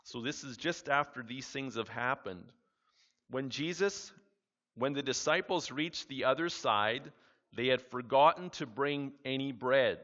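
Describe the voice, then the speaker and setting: A man's voice: mid-range voice, unhurried. Man preaching in a reverberant hall. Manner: reads scripture aloud, then comments in a relaxed conversational way. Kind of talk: sermon with Bible reading. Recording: reverberant hall, dull lo-fi sound.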